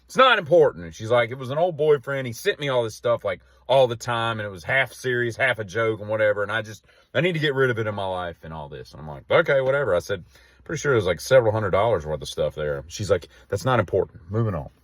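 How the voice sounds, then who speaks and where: A man's voice: lowish voice, animated, fast talker, no room sound. A man telling a rambling story and ranting casually to camera, exasperated. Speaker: vlogger.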